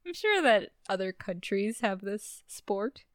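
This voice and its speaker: A woman's voice: mid-range voice, big pitch swings, measured pace, no echo. A woman co-hosting a podcast, chatting casually with a dry, joking manner and frequent laughter. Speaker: podcast co-host. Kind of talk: casual chat.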